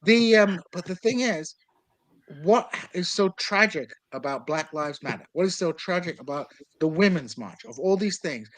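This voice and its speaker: A man's voice: sits high, no echo, poor audio. A man of Kurdish background talking politics on a podcast in a discursive, argumentative way, with many fillers.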